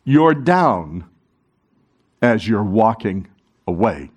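A man preaching a sermon to a congregation, animated, talking with the room and acting out the quoted voices. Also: on the low side, drawn-out words, breathy edge. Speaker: pastor.

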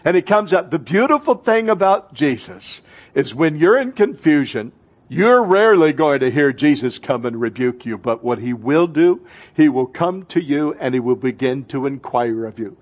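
A man in the pulpit, preaching with fervor. His voice sits a little high for a man, and he swings from ringing, urgent lines down to near-whispers. It is the sound of a pastor working his congregation. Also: lively intonation, normal speed. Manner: fervent preaching, swinging between loud and hushed. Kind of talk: sermon.

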